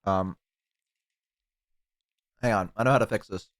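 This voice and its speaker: A man's voice: on the low side, unhurried. A young man streaming live, chatting casually with a guest and his chat, telling stories with acted-out voices. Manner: animated storyteller, mimics voices.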